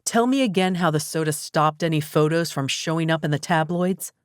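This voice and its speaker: A woman audiobook narrator voicing a wry, level-headed young man, with her voice lowered and a dry, sarcastic delivery. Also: a little fast, smooth, no echo, close to an everyday voice.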